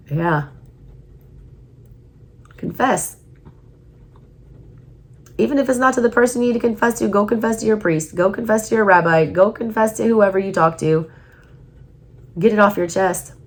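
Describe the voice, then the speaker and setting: A woman with a Southern US accent giving a casual tarot reading, emphatic and repeating her points, her voice going hoarse. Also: lowish voice. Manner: emphatic, repeats herself, urging viewers. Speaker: tarot reader.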